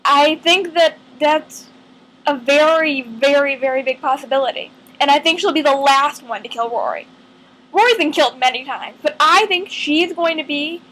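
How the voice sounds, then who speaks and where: A woman vlogging in casual fan chat to camera, earnest and rambling, thinking aloud with lots of pauses. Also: sits high, a bit bright, poor audio.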